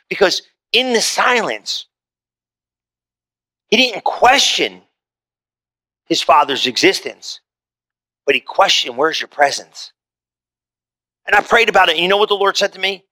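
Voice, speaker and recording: Bright-voiced, high-pitched male preacher. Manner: impassioned preaching with repeated phrases and sudden drops to a low, slow voice. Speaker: pastor. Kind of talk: sermon.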